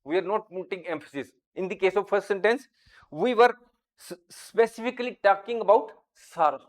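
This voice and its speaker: Teaching grammar, this slightly high-voiced man keeps a deliberate pace and lingers over every example sentence he reads out.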